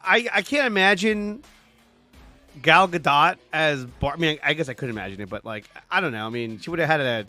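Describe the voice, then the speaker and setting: A man's voice: a little high, lively intonation, brisk, sharp tone, soft background music. A man co-hosting a casual podcast, chatty and pressing his co-host with questions. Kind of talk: casual chat.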